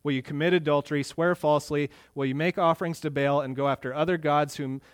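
Pastor guy preaching, kinda high voice, close dry sound, gets loud on the bible quotes. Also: steady tone, quick pace, dry recording. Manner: earnest preaching, swells louder on scripture quotes. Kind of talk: sermon.

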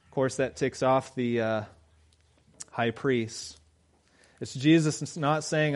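A man's voice: mid-range voice, normal speed. A man preaching a sermon, talking conversationally and driving his points home with rhetorical questions. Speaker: pastor.

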